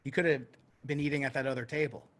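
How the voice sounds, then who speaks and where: A man's voice: medium pitch, steady tone, fast, fairly bright tone, a little hiss or hum. A man co-hosting a podcast who tells a long story casually, swearing freely and acting out the voices of the people in it. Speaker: podcast co-host.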